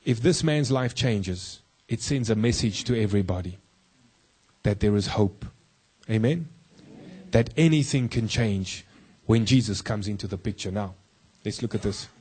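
A male pastor preaching a sermon, husky-voiced, throwing rhetorical questions to the congregation and slowing down low for key points. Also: lively intonation, darkish tone.

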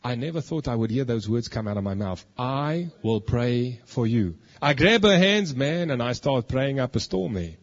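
A man, preaching a sermon and telling his own testimony, moving between hushed asides and emphatic declarations. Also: medium pitch, animated, brisk, hardly any pauses, dull audio. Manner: storytelling, swings from hushed to emphatic.

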